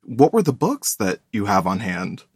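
A man hosting an interview, relaxed and quick to laugh, with brief backchannels between questions. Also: on the low side, husky, dry recording, studio quality. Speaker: host.

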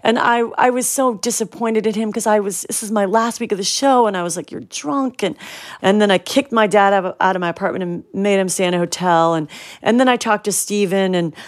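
A woman's voice: medium pitch, brisk, no echo, clean studio sound. A woman guest in an interview, telling a personal story and acting out quoted lines with whispers and shifts of voice.

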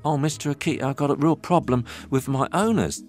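An English-accented man voicing a young male puppy who chats and complains in a high voice. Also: fairly quick, a little mellow, faint music behind, natural voice. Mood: aggrieved. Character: whiny young male puppy, aggrieved then gleeful.

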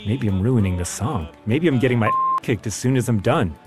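A man's voice: medium pitch, lively intonation, fairly quick, loud music behind the voice. A man reading aloud from his own memoir in a wry, self-deprecating storytelling manner.

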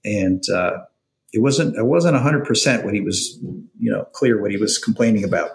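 Middle-aged male guest, halting relaxed chat, gravelly, echoey room. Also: on the low side. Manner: relaxed, halting, chuckles often. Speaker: TV writer and producer, guest. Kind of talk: casual interview conversation.

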